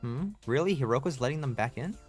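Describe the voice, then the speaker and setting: Wyluzowany streamer komentujący grę. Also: male voice, medium pitch, expressive, quick pace, soft background music. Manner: laid-back, slangy chatter. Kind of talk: casual gameplay commentary.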